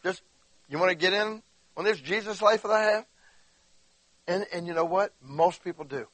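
High, bright-voiced preacher man. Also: moderate pace, no echo, rough recording. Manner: animated storytelling, acts out quotes; conversational, addresses listeners directly. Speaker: pastor. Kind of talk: sermon.

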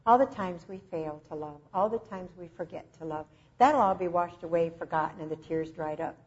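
A woman's voice: fairly low pitch, muffled recording. Emotive woman preaching a sermon. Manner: emotive, slow emphatic phrasing.

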